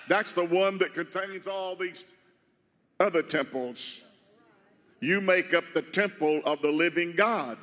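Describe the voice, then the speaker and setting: A man's voice: high voice, a little slow, sharp tone, in a large hall. A man preaching a sermon as pastor of a church, emphatic and repeating key phrases to the congregation. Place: church sanctuary.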